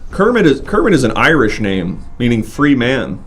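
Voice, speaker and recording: A man's voice: mid-range voice, sing-song, normal speed, breathy edge, soft background music. A man hosting a live comedy stream, playful and bantering as he needles his guest. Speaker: host.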